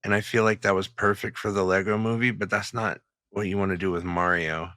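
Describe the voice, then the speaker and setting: A man's voice: low-pitched, little pitch movement, fairly quick, pushed and bright, no room sound, studio quality. A man co-hosting a podcast in casual chat, blunt and swearing freely. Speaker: podcast co-host.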